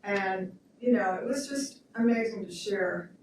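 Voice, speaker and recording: A woman's voice: medium pitch, unhurried, slight background noise. A woman at a memorial event telling chatty, emotional stories with frequent laughs and fillers. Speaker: memorial speaker. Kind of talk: spoken remembrance at a memorial event. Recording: echoey hall from far off.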